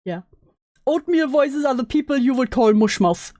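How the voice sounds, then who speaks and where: A woman's voice: sits high, expressive, moderate pace, dark tone, no echo, studio quality. Sarcastic, swearing woman streamer. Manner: blunt, sarcastic, swears freely. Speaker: streamer reacting to videos. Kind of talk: casual live-stream chat.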